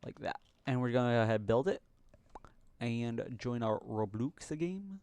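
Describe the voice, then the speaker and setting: A man's voice: medium pitch, animated, normal speed, a little mellow, smooth, dry recording. A young man hosting a casual live coding stream at his home computer desk, chatty and muttering to himself, with jokey broken-English asides. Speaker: livestream host coding.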